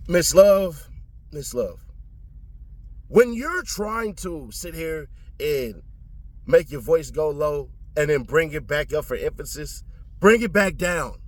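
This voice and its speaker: A man with a somewhat high voice gives casual trial commentary in a blunt, profane, slang-heavy way. He leaps even higher in pitch to stress a point. Each remark comes straight and unfiltered. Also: a little slow.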